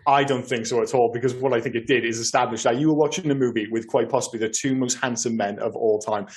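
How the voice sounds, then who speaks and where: A man's voice: medium pitch, fairly even intonation, fast talker. A man co-hosting a podcast, chatting casually about films in an enthusiastic, rambling, effusive way. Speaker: podcast co-host. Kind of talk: casual film chat.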